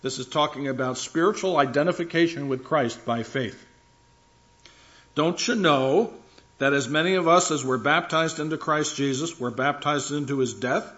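A man's voice: a little high, fairly bright tone. Earnest preacher man, dull lo-fi recording. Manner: earnest, emphatic, repeats phrases for stress; reads scripture slowly and deliberately. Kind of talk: sermon. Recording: dull lo-fi sound.

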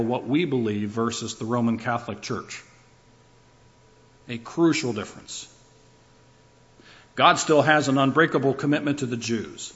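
A man's voice: mid-range voice, fairly bright tone, dull audio. A man preaching a sermon, building his points through rhythmic lists and shifts in emphasis. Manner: emphatic, rhythmic lists with rising and falling delivery.

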